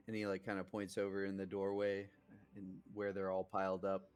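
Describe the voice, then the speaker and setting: A man's voice: low-pitched, monotone, brisk, a little mellow, smooth, faint music behind. A man playing a tabletop game, chatting casually in character with frequent restarts. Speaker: player.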